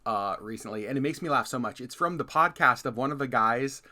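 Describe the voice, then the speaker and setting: A man co-hosts a casual podcast, telling stories against himself. His bright, forceful voice swings widely in pitch as he gets animated. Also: a little fast. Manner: animated, self-mocking storyteller. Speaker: podcast co-host. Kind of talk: casual chat.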